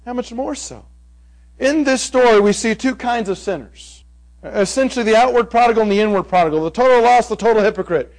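A man preaching an expository sermon, stressing phrases forcefully, then dropping to hushed asides, with many rhetorical questions. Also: very high voice, rough recording. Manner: emphatic, swings from loud stresses to hushed asides; rhetorical questions, drawn-out quoted lines.

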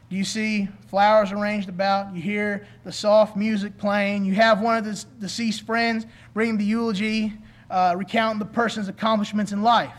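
High-voiced earnest male preacher. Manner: earnest, pleading, with rhetorical questions. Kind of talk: sermon.

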